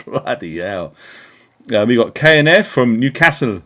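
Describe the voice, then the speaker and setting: A man's voice: medium pitch, lively intonation, normal speed, fairly bright tone. A man from England hosting a casual live stream, upbeat and chatty, greeting viewers by name with lots of ums, into a small desk mic. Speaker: livestream host. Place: indoors at a computer. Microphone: small desk mic on keyboard.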